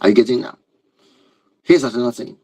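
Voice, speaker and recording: A man's voice: medium pitch, brisk, warm tone, breathy edge, no echo, poor audio. A man speaking as a relationship teacher who addresses his viewers in an emphatic, repetitive lecture and often asks rhetorical questions. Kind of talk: lecture-style talk to viewers.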